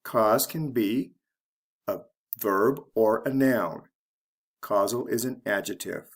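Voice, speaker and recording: Male ESL teacher, slow and deliberate, spells out letters one by one. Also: fairly low pitch, husky. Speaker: English teacher. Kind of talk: explaining spelling rules.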